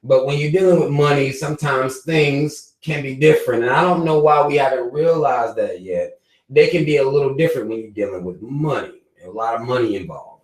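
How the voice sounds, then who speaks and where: A man's voice: mid-range voice, brisk, reverberant, rough recording. A man hosting a live stream, giving loose, profane commentary with frequent laughs. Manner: animated, swearing, laughing often.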